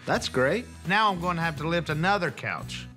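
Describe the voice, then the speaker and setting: A man's voice: fairly high pitch, lively intonation, moderate pace, bright, forceful tone. A grown son on a reality show, exasperated and wisecracking as he narrates and bickers with his family. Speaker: reality show cast member, eldest son. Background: music.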